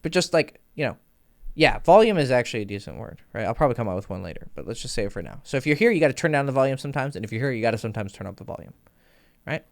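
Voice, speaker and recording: A young man talks through dating advice in a loose, conversational monologue. His pitch jumps around a lot as he emphasizes points, and he swears casually and mimics beats with his voice. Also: racing, vocal fry. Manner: animated, swears freely, vocal sound effects. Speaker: dating coach.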